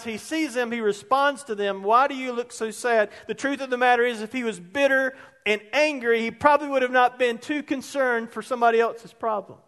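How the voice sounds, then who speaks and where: A man's voice: very high voice, a bit bright. A male pastor preaching a sermon in a conversational, emphatic way, weaving in personal stories.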